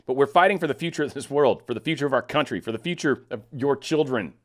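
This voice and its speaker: A man in his fifties talks through political news in a blunt, loose way. His pitch sits in an ordinary middle range, and his sentences often wander and restart. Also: fast talker. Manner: blunt, rambling, with frequent restarts. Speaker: political commentary host. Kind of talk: casual unscripted commentary.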